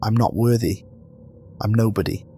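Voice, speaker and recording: A man's voice: lowish voice, steady tone, normal speed, warm tone, a little hiss or hum, lightly acted. A man voicing a humble young monk whose voice breaks as he speaks with self-doubt. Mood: overwhelmed.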